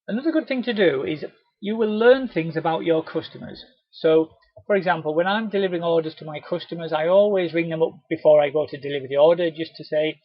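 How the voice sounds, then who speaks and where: A man presenting a live training webinar, chatty and encouraging, with a husky voice. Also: on the high side, quick pace, no room sound. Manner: chatty, encouraging, acts out cheery doorstep greetings. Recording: dull, lo-fi webinar audio.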